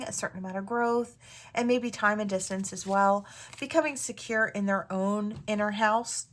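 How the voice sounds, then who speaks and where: A woman giving a casual tarot reading to viewers, musing aloud in a chatty way with soft asides. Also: mid-range voice, a little hiss or hum. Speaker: tarot reader.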